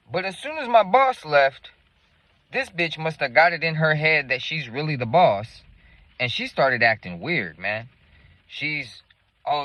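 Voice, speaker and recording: A man's voice: on the high side, pushed and bright, no room sound, lo-fi sound. A man telling a story in a casual, rambling, profane way.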